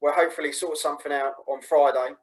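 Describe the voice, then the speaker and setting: A man's voice: fairly high pitch, steady tone, quick pace, crowd noise, rough recording. A man hosting an interview, matey and encouraging in casual chat. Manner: matey and encouraging, many fillers. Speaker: host.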